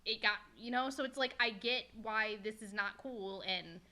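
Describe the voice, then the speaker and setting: A woman's voice: a little high, normal speed, bright, forceful tone. A woman hosting a casual podcast chat, talking bluntly and swearing freely as she rants. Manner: blunt and profane, ranting. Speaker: podcast host.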